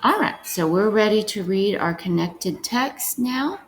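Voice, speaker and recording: A young woman teaching a recorded phonics lesson, dictating sentences slowly and sounding out words with care. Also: mid-range voice, animated, slight background noise, poor audio. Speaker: reading teacher.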